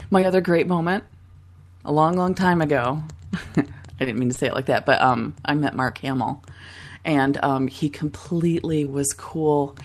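A woman in her thirties co-hosting a talk show, telling stories in a giggly, animated way. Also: low-pitched, moderate pace. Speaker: radio show co-host. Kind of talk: casual chat.

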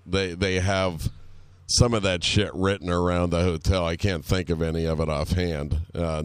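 Very deep-voiced man, rambling casually. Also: clear, resonant tone, no room sound. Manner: rambling, hesitant restarts, swears casually. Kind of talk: casual chat.

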